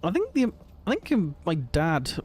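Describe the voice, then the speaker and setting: A man's voice: on the high side, huge pitch swings, moderate pace, darkish tone, a little hiss or hum. A man streaming a shooter game, commentating and chatting with viewers, exclaiming at the action and laughing often.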